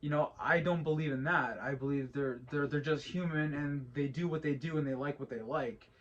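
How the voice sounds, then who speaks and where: A man's voice: on the high side, moderate pace, fairly bright tone, lo-fi sound. A man in his thirties co-hosting a casual podcast chat, rambling with lots of restarts and repeated words. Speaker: podcast co-host.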